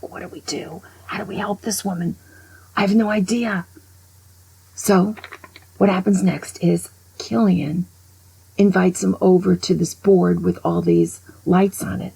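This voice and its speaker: Gravelly, husky older woman telling a story. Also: lowish voice, low-quality recording. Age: over 65. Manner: animated, drops to a hushed voice for quotes. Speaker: vlogger. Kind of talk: storytelling monologue.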